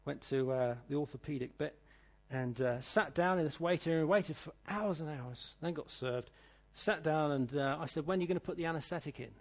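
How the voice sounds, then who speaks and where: A middle-aged British man preaching a sermon, reading scripture and telling stories, swinging between loud declaiming and quiet asides. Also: on the high side, normal speed, hardly any pauses. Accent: British English. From Britain.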